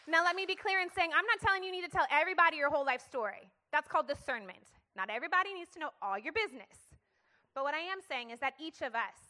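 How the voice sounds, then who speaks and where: A young adult woman shares her story at church in a passionate, emphatic sermon style, calling for responses from the audience. Her voice sits high and bright with a forceful tone.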